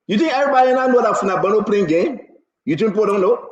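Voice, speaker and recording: A man hosting a political talk show, excitable and mocking, laughing often and repeating his words. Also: high-pitched, fast talker. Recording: roomy, dull lo-fi sound.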